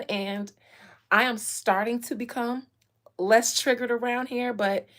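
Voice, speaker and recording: A woman hosting a casual livestream, telling stories in a candid, animated way with blunt language. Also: fairly high pitch, a little slow. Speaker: real estate agent and livestream host.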